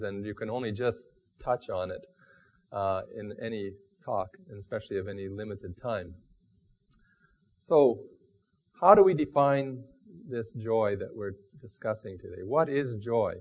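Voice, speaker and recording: A man giving a sermon in a halting, thoughtful and self-deprecating way. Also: on the low side, a little hiss or hum. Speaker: preacher. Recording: dull lo-fi recording.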